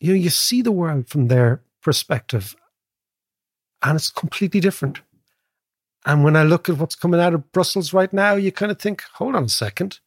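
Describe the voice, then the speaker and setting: A man talks economics on a podcast, spinning animated stories and checking in with the listener. His voice sits a bit high and sounds husky. The recording is close and dry. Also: normal speed, dry recording. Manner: animated, storytelling, frequent tag "right?". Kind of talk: casual conversational podcast.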